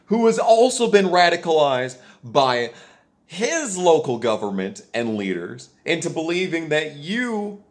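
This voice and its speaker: A young man in an angry, profane political rant to his viewers, bitter and heated, repeating his points. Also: on the high side. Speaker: video creator ranting to camera.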